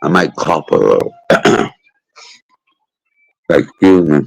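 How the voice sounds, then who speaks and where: A man's voice: rumbling low, big pitch swings, slow pace, slight background noise, rough recording. A man hosting a casual livestream, chatting with viewers in a brash, joking way and cursing freely. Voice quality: gravelly and husky. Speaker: livestream host.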